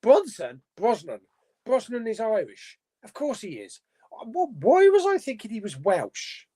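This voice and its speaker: A man's voice: very high-pitched, huge pitch swings, measured pace, darkish tone. A man hosting a casual live chat, reading out viewer comments and musing aloud, laughing to himself as he goes. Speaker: host.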